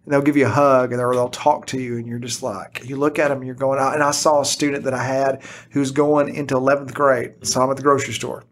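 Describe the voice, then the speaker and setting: This middle-aged teacher talks fast at a medium pitch while guesting on a podcast, spinning animated anecdotes and voicing what people said. A little background noise can be heard.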